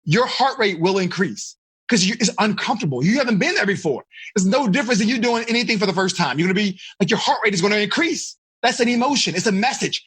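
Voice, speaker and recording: A man's voice: sits high, expressive, fast, fairly bright tone, slightly rough. A man teaching teenagers as a life coach, speaking animatedly over a video call and asking the group frequent questions.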